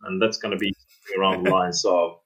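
A man guest on a casual podcast, talking in a rambling, halting way with many restarts. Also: low-pitched, little pitch movement, fairly bright tone, poor audio. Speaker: game sound designer guest.

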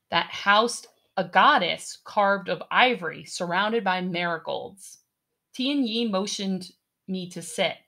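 A woman narrating a story in the first person as an audiobook, with slow, careful storytelling. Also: mid-range voice, a bit bright.

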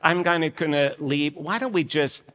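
A man voicing a scheming, smooth-talking male estate manager who coaxes debtors into deals in a casual way. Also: a little high, normal speed, a bit bright, in a large hall, close to an everyday voice. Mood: wheedling. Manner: coaxing, casual deal-making.

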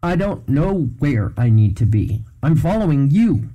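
A man's voice: on the high side, big pitch swings, measured pace, warm tone, pitched above the performer's own voice. A man reading aloud and voicing an irritable, wary teenage boy who answers in a snappy, exasperated way.

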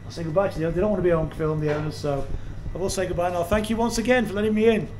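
A man's voice: high-pitched, steady tone, rapid-fire, crowd noise, low-quality recording. A middle-aged man narrating a walking tour vlog, chatty and full of admiration, filmed on an action camera outdoors and in a small shop. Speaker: vlogger touring villages. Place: outdoors in a village, then inside a small shop. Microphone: action camera mic.

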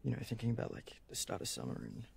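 Nervous young camp counselor in a game, low gravelly voice, trails off a lot. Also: male voice, big pitch swings, a little mellow, slight background noise, exaggerated voice. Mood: earnest, hesitant. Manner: hesitant, halting, full of "like". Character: young male camp counselor, earnest and lovestruck.

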